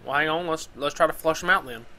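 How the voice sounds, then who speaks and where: A male gamer whose bright, fairly high voice taunts and mocks the other racers. He laughs at their anger and keeps goading them over voice chat. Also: quick pace. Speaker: gamer trolling in an online racing game. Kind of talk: casual gaming commentary with voice chat.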